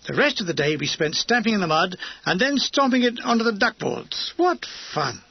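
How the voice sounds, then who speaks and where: A man's voice: high voice, sing-song, normal speed, gravelly, husky, dry recording, highs cut off. A man narrating an audiobook memoir with dry, comic storytelling.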